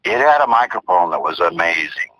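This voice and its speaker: A man's voice: deep voice, sing-song, a little fast, sharp tone, slight background noise, low-quality recording. An older man telling long, rambling stories in casual chat as co-host, often repeating himself.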